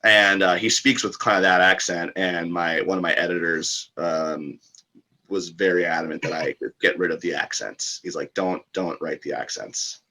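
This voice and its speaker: A man with a very low voice that still carries a bright, forward edge. He talks loosely and casually as a podcast guest, circling back with fillers and restarts as he thinks aloud. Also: fairly even intonation, normal speed. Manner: rambling, lots of fillers and restarts.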